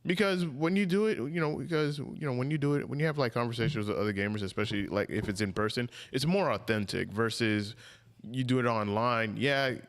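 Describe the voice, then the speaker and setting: Smooth-voiced laid-back podcast man. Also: mid-range voice, a little fast. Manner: laid-back slangy talk. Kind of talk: casual podcast chat.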